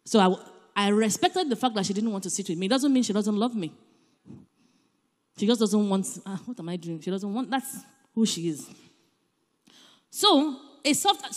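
A woman with a Nigerian accent giving an animated, emphatic church talk, swinging between loud and soft. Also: on the high side, normal speed. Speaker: church speaker. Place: church hall. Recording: echoey church hall.

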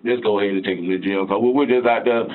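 A man's voice: lowish voice, quick pace, phone-quality sound. A man being questioned by police, answering with rambling, defensive denials. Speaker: suspect. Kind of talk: police interrogation.

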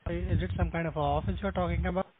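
A man's voice: high voice, steady tone, fast talker. A man working as a phone scammer who grows exasperated and keeps repeating "sir". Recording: tinny phone line with faint noise.

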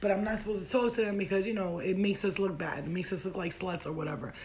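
A young American woman with a gravelly edge to her voice tells a personal story in loose, casual chat. She swears freely and jumps into a louder, higher voice whenever she acts out what someone said. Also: fast, slight background noise. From United States. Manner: animated, profane, acts out quotes in a raised voice.

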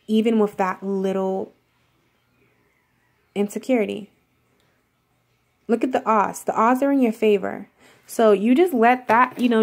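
Higher-voiced woman giving a rambling tarot reading. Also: darkish tone. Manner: rambling, repetitive, heavy on filler words; addresses viewer directly and reassuringly. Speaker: tarot reader.

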